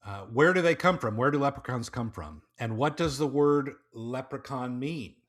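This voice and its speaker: A podcast host with a mid-range, expressive voice speaks at a normal speed. He tells a folk tale, then drifts into loose, casual chat full of fillers and jokes.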